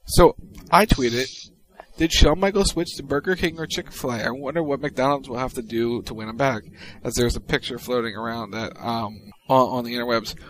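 A man co-hosting a podcast, reading out tweets in casual chat with a wry, deadpan delivery. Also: mid-range voice, normal speed, poor audio. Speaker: podcast co-host.

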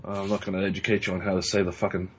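A man's voice: deep voice, little pitch movement, very fast, a crowd in the background. A man co-hosting a podcast in casual chat, blunt and profane, rambling with restarts. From Australia. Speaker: podcast co-host. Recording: dull lo-fi recording.

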